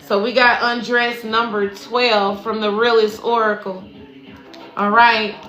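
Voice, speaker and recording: A woman's voice: fairly high pitch, little pitch movement, a little slow, fairly bright tone, dull audio. A woman spiritual coach giving a casual, profane livestream tarot reading, preaching and calling her listeners baby. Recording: echoey room with faint music.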